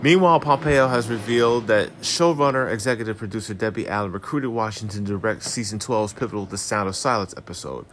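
A man talks through celebrity gossip in a fairly low voice, reading articles aloud. He drops sarcastic, profane asides between the quotes. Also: fast, few pauses, fairly bright tone, slight background noise. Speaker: commentary host. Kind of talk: casual celebrity gossip commentary.

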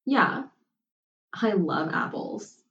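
A woman's voice: medium pitch, animated, very slow, fairly bright tone, muffled recording. A woman voicing a bold, confident young college woman who talks bluntly and teasingly. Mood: brash.

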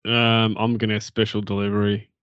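A man's voice: on the low side, level tone, normal speed, fairly bright tone, clean tone, no echo, muffled recording. A man chatting casually about games, laughing often. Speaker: podcast co-host. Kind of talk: casual gaming chat.

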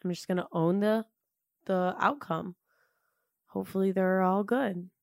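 A woman's voice: medium pitch, fairly even intonation, unhurried, gravelly, a little mellow, no echo, studio quality. Hesitant young woman chatting casually. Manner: hesitant, filler-heavy, many "like"s. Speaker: podcast co-host. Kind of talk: casual chat.

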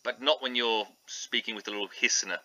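A man's voice: medium pitch, fairly even intonation, quick pace, bright, forceful tone, rough recording. A man narrating a tabletop game as game master in a casual, rambling way.

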